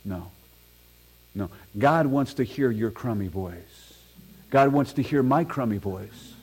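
A man's voice: mid-range voice, animated, unhurried, darkish tone, slightly rough, low-quality recording. A man preaching a sermon in a church, reading scripture aloud with earnest emphasis and self-deprecating asides. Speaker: pastor. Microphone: microphone.

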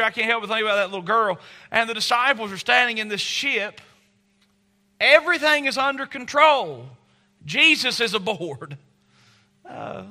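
A man's voice: high voice, bright, forceful tone. A middle-aged man preaching a sermon, telling stories and acting out quoted voices. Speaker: pastor.

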